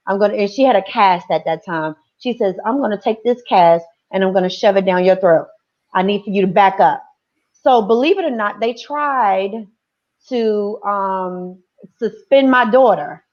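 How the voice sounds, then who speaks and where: Woman, forties, panel discussion, animated storytelling, dull sound. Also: mid-range voice. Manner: animated storytelling with quoted voices.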